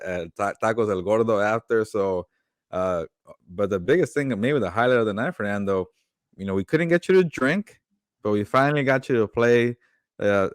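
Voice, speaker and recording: A man with a low voice trades dry, teasing banter in a casual sports chat. The sound is close and dry. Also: dry recording. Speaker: podcast co-host.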